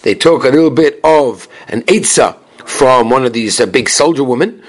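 Animated man teaching Talmud. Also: a little high, normal speed. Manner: chants Aramaic text then explains in English, questions and answers himself. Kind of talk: Talmud class, reading and explaining Gemara.

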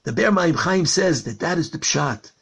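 A man's voice: a little high, lively intonation, moderate pace, creaky, fairly bright tone, breathy edge. A rabbi giving an impassioned Torah lecture on prayer. He tells a parable and stretches key words for emphasis. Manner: storytelling with a parable.

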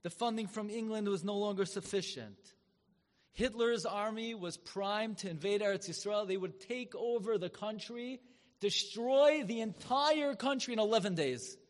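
Dramatic man preaching in a hall. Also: normal speed. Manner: dramatic, swells loud and high when acting out quoted rabbis. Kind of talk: sermon storytelling. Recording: long hall reverb.

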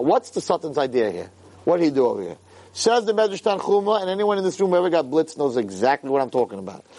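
Animated rabbi teaching a class. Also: male voice, fairly high pitch. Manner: animated, reads Hebrew source lines then translates them. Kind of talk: Torah class lecture. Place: room with a live audience.

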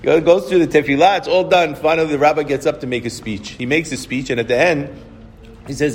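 A man with a fairly high voice speaks quickly, rambling through anecdotes for an audience in a loose, conversational style and often restarting his sentences. The recording comes from an echoey hall with a bit of faint noise.

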